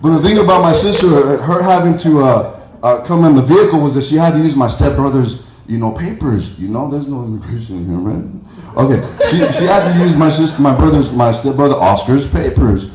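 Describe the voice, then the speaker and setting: A man's voice: medium pitch, lively intonation, brisk, a little mellow. Chatty man doing stand-up in a roomy church hall. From Mexico. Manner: chatty, rambling storyteller, chuckling at his own jokes. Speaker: stand-up comedian. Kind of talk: stand-up comedy set. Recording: roomy, dull lo-fi hall recording.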